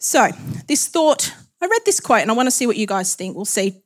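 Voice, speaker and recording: A woman preaching a sermon in a chatty way, with frequent laughs and self-deprecating asides. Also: on the high side.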